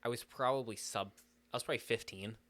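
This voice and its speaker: A man's voice: mid-range voice, quick pace, fairly bright tone, dry recording. A young man co-hosting a podcast in casual chat, rambling and losing his train of thought. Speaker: podcast co-host.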